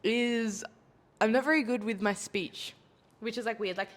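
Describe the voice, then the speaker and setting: A woman's voice: fairly high pitch, steady tone, normal speed. Giggly young Australian woman chatting. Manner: giggly, rambling, lots of fillers. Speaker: podcast co-host. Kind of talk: casual chat.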